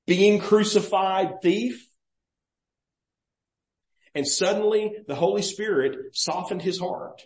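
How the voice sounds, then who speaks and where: A male pastor preaching in a roomy church, his voice echoing around the hall. He talks in an easy, conversational way, with a lively pitch that keeps rising and falling as he puts questions to the listeners. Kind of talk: sermon. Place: church sanctuary.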